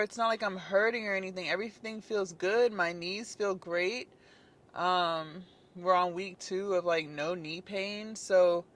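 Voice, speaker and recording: Rambling young woman in a gym. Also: medium pitch. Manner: rambling, many fillers, musing out loud. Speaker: fitness vlogger. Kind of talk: casual vlog chat to camera.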